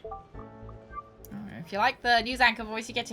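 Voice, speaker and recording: A woman's voice: a little high, fairly even intonation, fairly quick, long pauses, bright, forceful tone, faint music behind. A woman streamer chatting casually and jokingly while playing a game, laughing often. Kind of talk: casual gaming stream chat.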